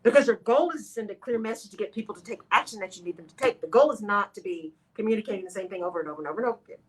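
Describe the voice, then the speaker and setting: A woman's voice: medium pitch, racing, breathy edge, low-quality recording. A woman hosting a live radio talk show, speaking expressively to her listeners and acting out her own inner voice.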